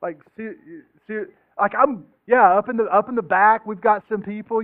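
A man's voice: sits high, moderate pace, dry recording. A man preaching a casual sermon in a joking, conversational way, acting out the voices of people he quotes. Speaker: pastor. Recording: tinny phone-like sound.

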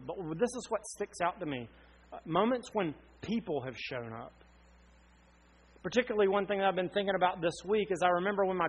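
A man's voice: high voice, rough recording. A man in his thirties, from North Carolina, preaching an earnest sermon with emphatic questions. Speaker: pastor.

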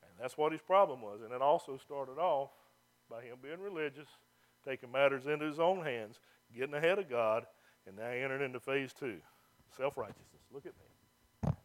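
A man, a pastor preaching a sermon, who reads scripture loudly and then drops low and mocking to make his points. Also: animated, a little fast.

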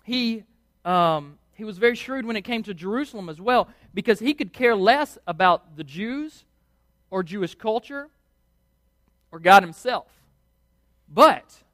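A high-pitched man delivering a sermon with animated, conversational storytelling. He slips into quick acted voices as he goes. The sound is dry and close, with no room echo. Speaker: preacher.

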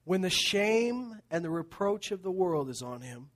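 Man, pastor, sermon, lively storytelling, slightly high-pitched, drops to hushed tones. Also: measured pace. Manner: animated storytelling, laughing, then dropping to hushed tones.

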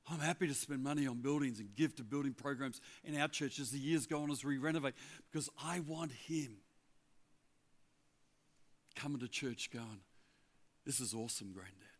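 An older man preaching a sermon to a congregation, telling stories with lively asides. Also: medium pitch, moderate pace. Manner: animated, chatty storyteller with asides. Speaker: guest preacher, former pastor of the church. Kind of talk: sermon with personal storytelling. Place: church hall before a congregation.

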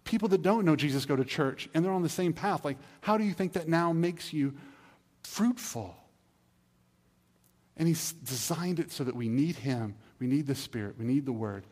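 A man's voice: a little high, lively intonation, moderate pace, darkish tone. A man pastor, preaching a sermon in an earnest, pleading, conversational way with acted asides. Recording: reverberant hall.

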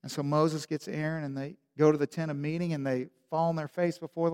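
Male pastor, emphatic sermon delivery, high-pitched, echoing church hall. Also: brisk, hardly any pauses, clean tone. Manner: animated, emphatic storytelling.

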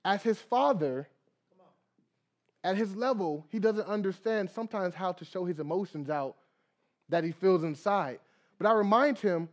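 A young man preaching a sermon as pastor, reading scripture, praying, and acting out little dialogues with lively energy. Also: high voice, normal speed. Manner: animated preaching with acted dialogue and prayer.

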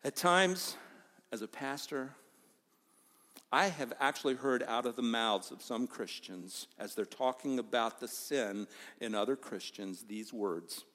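A man preaching a sermon as pastor, emphatic, with loud stresses and hushed asides. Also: mid-range voice, unhurried. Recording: long hall reverb.

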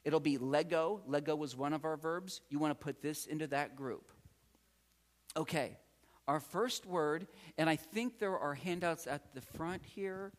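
A man's voice: fairly high pitch, a little slow. A man giving a patient, encouraging classroom lecture as a Greek teacher, often repeating key words. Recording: long hall reverb.

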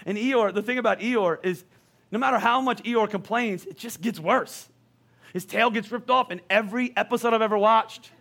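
A male pastor preaching a sermon in a lively, conversational way, full of questions to the congregation. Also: high voice, normal speed, creaky.

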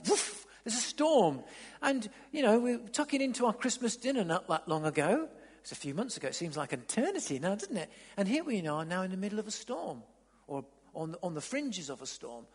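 A man preaching an evening sermon in a church hall, dramatic and swinging from loud to near-whisper. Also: high voice, husky. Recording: long reverb in a large hall.

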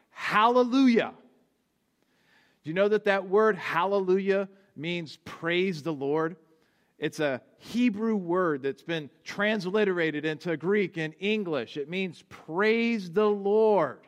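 A man preaching a sermon as pastor, explaining earnestly with small restarts. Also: high voice. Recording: long hall reverb.

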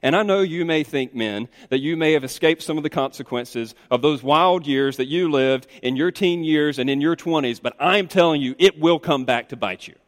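A male pastor preaching a sermon, emphatic and animated, swinging between loud insistent stretches and hushed asides. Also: fairly high pitch, normal speed, few pauses. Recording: reverberant hall.

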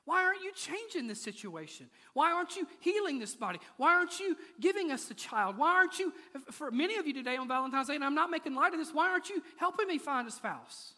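A man's voice: very high voice, very animated, fast, few pauses, sharp tone. A man preaching a sermon in a church, moving from playful asides to intense, rising appeals. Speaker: pastor. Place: church sanctuary. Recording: large hall with long reverb.

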